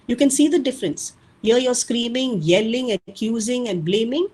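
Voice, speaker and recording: A woman's voice: a little high, lively intonation, normal speed, hardly any pauses, a little mellow, husky, low-quality recording. A woman giving an earnest webinar lecture with advice for parents. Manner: earnest, advising, addresses parents directly. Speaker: parenting speaker.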